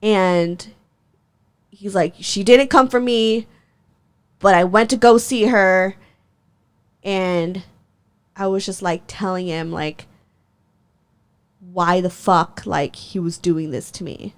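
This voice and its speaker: A woman's voice: on the low side, takes it slowly, long pauses, clear, resonant tone. A young woman hosting a podcast, telling a story in casual chat, heated and profane, laughing often. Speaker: podcast host.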